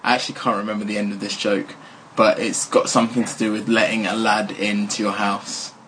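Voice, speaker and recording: A man's voice: on the low side, level tone, a little fast, fairly bright tone, a little hiss or hum. A British man co-hosting a podcast in casual chat, rambling and cutting himself off as he tells jokes. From Britain. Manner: rambling, self-interrupting storyteller. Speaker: podcast co-host.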